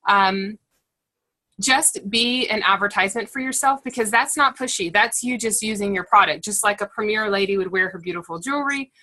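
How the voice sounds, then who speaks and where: Woman, sales team leader; bright tone, mid pitch, chatty, encouraging, acts out quotes. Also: normal speed, poor audio. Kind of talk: coaching call to a sales team.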